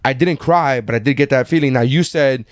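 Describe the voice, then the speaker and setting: A man's voice: medium pitch, a little fast, no echo, clean studio sound. A man co-hosting a casual movie-review chat, swearing freely and repeating himself as he argues. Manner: profane, animated, repeats himself. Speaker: podcast co-host.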